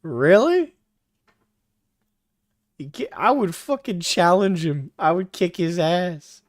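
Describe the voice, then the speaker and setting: Man hosting a live stream, swings his pitch wildly, profane, mocking, laughs a lot, dry close sound. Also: animated, a little slow, no echo. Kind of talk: live reaction commentary.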